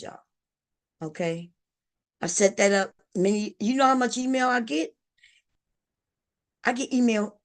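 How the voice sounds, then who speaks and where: A woman hosting a casual livestream, chatting to her viewers in a talkative, repetitive way. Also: on the high side. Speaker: livestream host.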